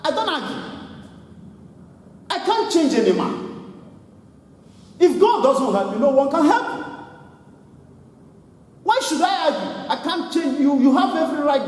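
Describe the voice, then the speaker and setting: A man preaching a sermon as pastor, animated, laughing and imitating people as he goes. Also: very high-pitched. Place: church hall. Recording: echoey hall from far off.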